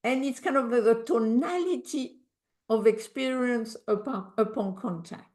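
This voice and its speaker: A woman's voice: on the high side, measured pace, darkish tone. A woman with a French accent, a meditation teacher thinking aloud as she leads an online group session, with small slips in her English grammar.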